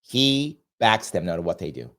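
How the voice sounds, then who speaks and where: Animated, emphatic male political commentator. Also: low-pitched, moderate pace. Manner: emphatic, repetitive, reads viewer super chats. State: recovering from a cold, coughing.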